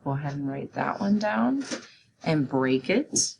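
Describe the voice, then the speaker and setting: A woman teacher with a low voice talks slowly and patiently through a recorded phonics lesson, guiding young students step by step. Clear background noise and clicks sit under her voice. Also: sing-song.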